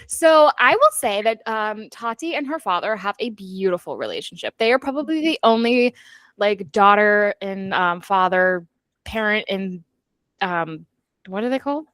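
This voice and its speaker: A woman's voice: mid-range voice, normal speed, dry recording. A woman co-hosting a book club podcast, recapping a novel in casual chat and acting out the characters' lines. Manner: animated recap that acts out characters' quotes.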